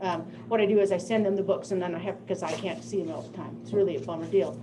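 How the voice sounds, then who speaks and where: An older woman giving a presentation to teachers, telling classroom stories in a lively way and laughing often. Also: on the low side, fast talker, background noise. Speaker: teacher of deaf students. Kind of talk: presentation to educators.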